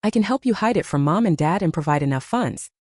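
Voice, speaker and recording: A woman's voice: fairly low pitch, fast talker, no echo, clean studio sound. A woman voicing a cool, aloof male boss. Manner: calm, businesslike. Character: aloof stern young male company president.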